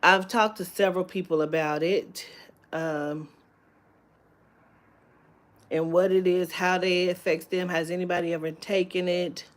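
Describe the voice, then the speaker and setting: Slow-talking woman in a candid live chat. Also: fairly low pitch, level tone. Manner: rambling, candid, swears freely, many fillers. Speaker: live-stream host. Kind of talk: casual live-stream chat. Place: at home.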